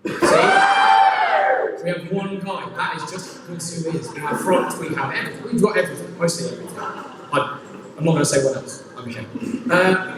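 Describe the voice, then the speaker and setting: A young man performing stand-up, telling a rambling, self-mocking story full of restarts, recorded in a comedy venue. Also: on the high side. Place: comedy venue with a laughing audience. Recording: roomy hall audio from far off, loud audience noise.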